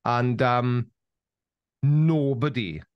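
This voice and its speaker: A Welsh man chatting as a podcast guest, telling anecdotes with lively energy and frequent restarts. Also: medium pitch, drawn-out words, clear, resonant tone, no echo, muffled recording. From Wales. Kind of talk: casual interview chat.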